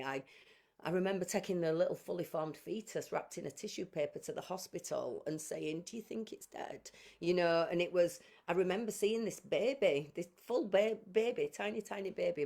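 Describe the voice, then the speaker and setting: A woman's voice: deep voice, a little mellow. A woman, a podcast guest sharing her life story emotionally and acting out past conversations. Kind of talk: personal storytelling.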